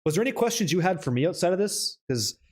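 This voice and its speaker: A man from Canada talking bluntly in a casual chat, swearing freely and rambling in quick bursts. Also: high voice, very animated. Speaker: guest content creator.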